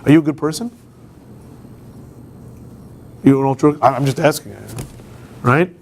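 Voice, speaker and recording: A man's voice: on the high side, quick pace, a little hiss or hum. A man, a campus rabbi, giving an informal classroom lecture, talking conversationally and putting questions to the class. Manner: conversational, asks the class questions, frequent restarts. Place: law school classroom.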